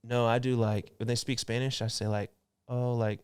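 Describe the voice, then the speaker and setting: Man, twenties, podcast guest; easygoing, rambling, low smooth voice. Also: little pitch movement, brisk, darkish tone, no room sound, clean studio sound. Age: 20s. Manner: laid-back, rambling with many fillers. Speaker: podcast guest, clothing designer. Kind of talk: casual chat.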